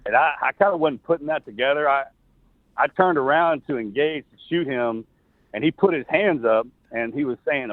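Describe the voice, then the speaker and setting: Over a thin, tinny phone connection without room sound or echo, a middle-aged man who once served as a soldier shares a personal story in an interview. His mid-range voice is earnest, halting, and he keeps restarting his sentences.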